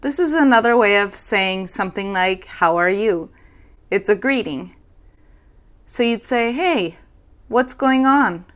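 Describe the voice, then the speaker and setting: Slow-speaking young woman teaching English. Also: mid-range voice, animated. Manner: slow, careful demonstration of phrases. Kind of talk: language lesson.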